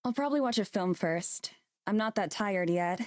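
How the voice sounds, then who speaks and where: A hesitant young video maker voiced by a woman in a visual novel, often trailing off mid-thought. Her middle-pitched voice is recorded dry and close, with no room sound. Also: lively intonation, normal speed, no room sound, close to an everyday voice.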